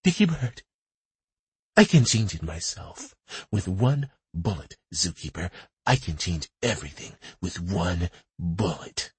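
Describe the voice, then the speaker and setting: A man voicing an enraged, wounded wife who is sick and armed, ranting in a shrill, accusing, raspy voice. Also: sing-song, unhurried, dry recording, heavily acted. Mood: menacing.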